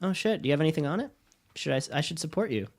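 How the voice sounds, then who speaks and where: Guy cohosting a chatty podcast, kinda high voice, jokey, laughs a lot. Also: expressive, racing. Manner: joking, laughs often, reads chart facts. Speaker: podcast co-host. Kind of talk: casual chat.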